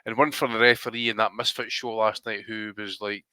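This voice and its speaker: A man with a bright, forceful voice talks in blunt, sweary podcast banter. His voice sits close on a dry microphone. He mocks his targets without holding back. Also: lowish voice, flat delivery, brisk, no room sound. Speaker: podcast co-host.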